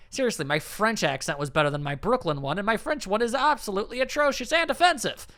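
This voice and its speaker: A man's voice: sits high, very animated, fast talker, hardly any pauses, sharp tone. A man casually commenting on a game he is playing, with joking, rambling asides. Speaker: let's play host. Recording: game music underneath.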